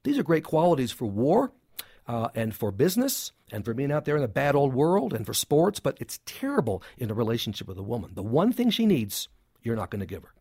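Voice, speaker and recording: A man's voice: mid-range voice, big pitch swings, brisk, a little mellow, breathy edge, dry recording. Emphatic male psychologist, dry sound. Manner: emphatic, punchy short sentences with humor. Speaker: clinical psychologist, guest. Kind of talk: interview conversation.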